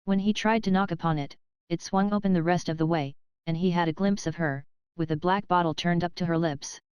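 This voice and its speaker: A woman reading a classic novel aloud as an audiobook narrator, in a steady, measured way. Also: on the low side, clear, resonant tone, dry recording, lo-fi sound. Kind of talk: scripted narration.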